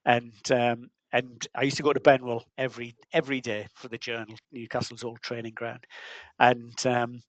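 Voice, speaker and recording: Rambling older football reporter, dry sound. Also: male voice, medium pitch, level tone, normal speed, dry recording, low-quality recording. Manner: rambling, with frequent restarts. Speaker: football journalist guest. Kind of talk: anecdotal storytelling.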